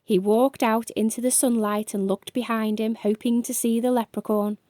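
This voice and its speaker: A woman reads a children's bedtime story aloud in a gentle, expressive voice. Her voice sits high. The recording is dry and close. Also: normal speed, no echo. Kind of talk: reading a children's book aloud.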